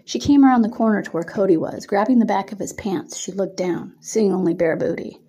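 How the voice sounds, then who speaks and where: Woman author narrating her own erotic story, mellow, steady delivery. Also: medium pitch, fairly quick, slightly rough. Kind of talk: reading an erotic story aloud.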